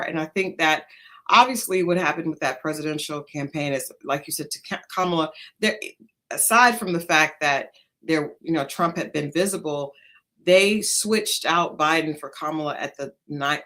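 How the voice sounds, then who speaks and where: A woman co-hosting a podcast, talking through politics in casual chat with many pauses and restarts. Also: deep voice, bright, forceful tone. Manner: thoughtful, many fillers and restarts. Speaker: podcast co-host.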